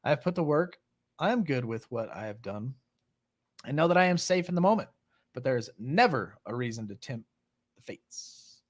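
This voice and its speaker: A man's voice: mid-range voice, expressive, brisk. A middle-aged man hosting a recovery stream in casual chat, earnest and plain-spoken, reading book passages aloud and then commenting on them.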